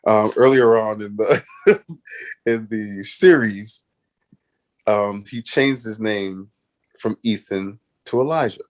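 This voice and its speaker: Animated storytelling man. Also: medium pitch. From Canada. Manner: animated, laughing storyteller with many restarts. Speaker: guest. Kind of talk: casual interview storytelling.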